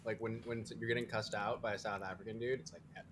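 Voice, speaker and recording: A man chatting casually on a stream, quick and joking. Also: lowish voice, flat delivery, a bit bright. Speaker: stream co-host. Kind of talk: casual chat.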